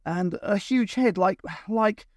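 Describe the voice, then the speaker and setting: A man playing a nervous, halting teenage boy. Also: high voice, no room sound, studio quality, pitched above the performer's own voice. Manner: hesitant, trailing off.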